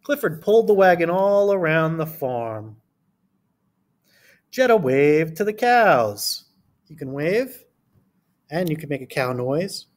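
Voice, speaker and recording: A man reads a picture book aloud for young children, his voice bouncing through a wide, lively range. He sits a little high for a man and talks straight to the kids with patient, simple instructions. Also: takes it slowly, pauses often. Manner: lively storybook reading with character voices; gentle, instructive, talking directly to children. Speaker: teacher. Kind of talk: read-aloud lesson for children.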